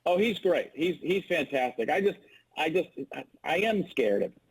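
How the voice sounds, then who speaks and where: A man's voice: on the high side, normal speed, slightly rough, low-quality recording. A man, a comedian, chatting as a guest in an interview and telling stories with lots of stammered restarts. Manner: stammering restarts, animated storytelling. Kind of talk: casual interview chat.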